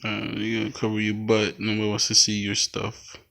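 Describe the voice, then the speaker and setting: A man's voice: fairly low pitch, monotone, brisk, creaky, fairly bright tone. A man at home filming his kittens on a phone, chatting playfully and cheering them on. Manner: playful, talks to and cheers on the pets. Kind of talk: casual home video chat.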